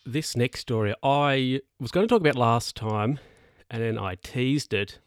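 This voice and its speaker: A man's voice: mid-range voice, lively intonation, a little slow, faint music behind. A man hosting a solo podcast, telling a story in a rambling, chatty way that keeps correcting itself. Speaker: podcast host.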